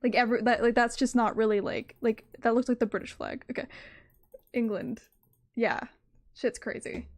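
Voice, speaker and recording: A woman's voice: on the high side, steady tone, normal speed. A young woman chatting casually on her stream from her room, rambling and cutting herself off, with "like" in nearly every sentence. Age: young adult. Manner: rambling, self-interrupting, full of "like". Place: her own room at home.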